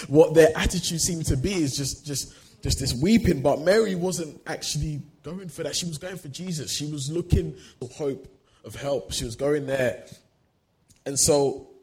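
A man's voice: mid-range voice, a little mellow, low-quality recording. A man preaching a sermon, earnest, often repeating words as he works through a thought.

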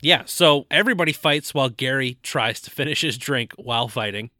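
A man's voice: medium pitch, a little fast, bright, forceful tone, no room sound, clean studio sound. A man co-hosting a casual movie-review podcast, joking and recapping the plot with stumbles and laughs. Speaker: podcast co-host.

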